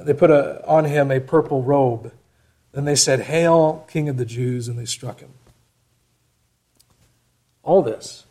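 Man, preacher, sermon delivery, fairly high voice, rhetorical questions, loud then hushed. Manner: rhetorical questions, rising for emphasis then dropping soft.

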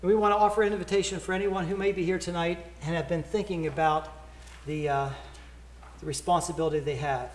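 A preacher talks earnestly to his congregation, stumbling over repeated words as he tells a story. His voice sits a little high for a man. The sound rings in an echoey church. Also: fairly even intonation, fast talker, slight background noise. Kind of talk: sermon invitation.

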